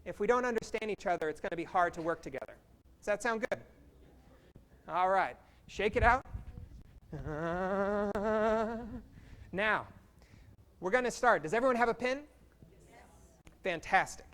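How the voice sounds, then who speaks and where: A workshop facilitator from Kansas, leading a live group icebreaker in an energetic, playful way and speaking slowly for the room. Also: mid-range voice.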